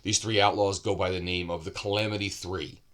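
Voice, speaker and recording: A man's voice: deep voice, little pitch movement, a little fast, a bit bright. A man giving a casual, unscripted book review, loose and rambling with asides and self-corrections.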